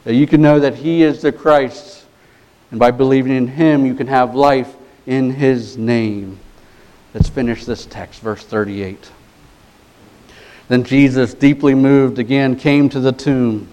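A man's voice: medium pitch, steady tone, a little slow, a little mellow, muffled recording. A man preaching a sermon as pastor, earnest and emphatic, building points through repeated phrases.

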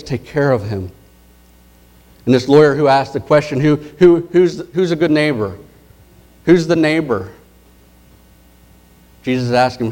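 A man preaching a sermon, retelling parables in a conversational way and dropping his voice low and soft for key words. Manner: conversational storytelling, dropping to soft intense tones for quoted lines.

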